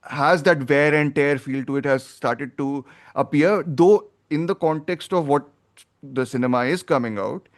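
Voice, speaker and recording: A man's voice: fairly high pitch, a little slow. A man hosting a film podcast, talking in a rambling, opinionated way as he thinks aloud. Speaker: podcast host. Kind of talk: casual film review chat.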